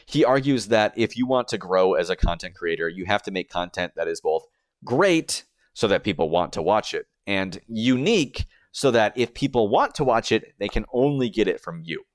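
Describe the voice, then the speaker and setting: A young man talks through a scripted video essay in an explanatory, step-by-step way. His voice sits a little low, and the recording is dry and close, with no room sound. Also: animated, normal speed, no room sound. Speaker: streamer and YouTuber.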